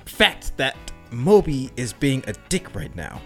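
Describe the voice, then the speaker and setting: A man's voice: medium pitch, sing-song, unhurried, fairly bright tone, faint music behind. Upbeat coaxing man directing improv, voice swoops widely. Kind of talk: improv comedy scene.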